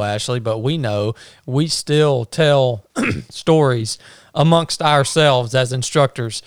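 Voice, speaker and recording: A man hosting an interview, a former instructor, asking questions and reflecting in a measured way. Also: medium pitch, clean tone, dry recording, clean studio sound.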